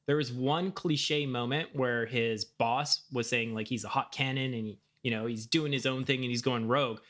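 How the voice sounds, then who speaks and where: A man's voice: medium pitch, steady tone, normal speed, fairly bright tone. A man co-hosting a movie podcast, laid-back and rambling with plenty of fillers. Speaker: podcast co-host. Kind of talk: casual movie-review chat.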